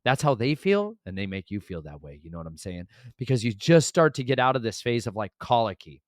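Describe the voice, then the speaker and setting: A man in his thirties, a sleep-deprived father of twins, rambling through a casual vlog monologue with sudden loud bursts. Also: lowish voice, very animated, fairly quick, no room sound, studio quality.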